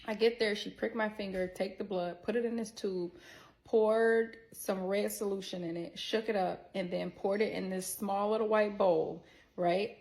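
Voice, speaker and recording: A woman telling a personal story to her viewers in a candid, animated way, swearing freely as she goes. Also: medium pitch, normal speed, poor audio. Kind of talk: casual storytelling to camera.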